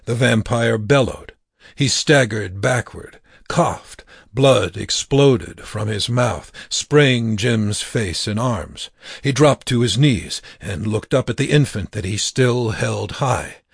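A man narrating an audiobook in a slow, measured reading. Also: on the low side, expressive, dry recording, studio quality. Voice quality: gravelly, husky.

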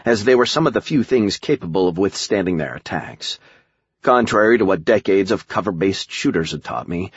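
A man's voice: deep voice, husky, dry recording, dull audio. A man reading a first-person action audiobook with a wry, sardonic manner. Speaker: audiobook narrator.

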